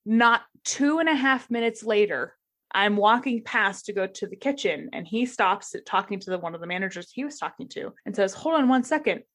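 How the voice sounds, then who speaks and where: A woman's voice: medium pitch, animated, brisk, fairly bright tone. A woman casually telling a funny work story on a podcast, laughing often as she talks.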